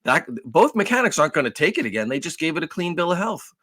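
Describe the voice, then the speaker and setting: Profane storytelling man, animated. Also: on the high side, fast talker. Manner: animated, profane storytelling, acts out phone calls. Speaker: podcast co-host. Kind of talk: casual storytelling chat.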